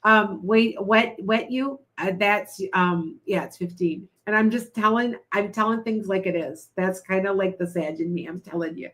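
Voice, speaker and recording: A middle-aged woman, a tarot reader, chatting casually with live-stream viewers, blunt and quick to laugh. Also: medium pitch, fairly bright tone. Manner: blunt, chatty, laughs often, reads viewer comments aloud.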